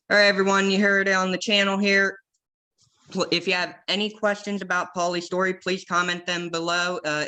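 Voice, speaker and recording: An upbeat man runs an interview show and wraps it with a direct sign-off. His voice is bright and forceful, pitched slightly high. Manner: upbeat, direct host patter. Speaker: interview host. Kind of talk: interview and channel outro.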